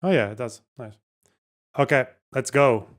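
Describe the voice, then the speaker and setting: A man's voice: medium pitch, measured pace. A man hosting a live stream, talking casually, reacting to chat, and swearing as he goes.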